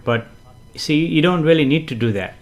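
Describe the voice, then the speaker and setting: A man hosting a casual live stream, greeting viewers and reading their comments, chatty and gently explanatory with frequent fillers and soft chuckles. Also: on the high side, expressive, moderate pace, soft background music. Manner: gently explanatory, repeats himself for emphasis. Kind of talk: casual live-stream chat with spiritual teaching.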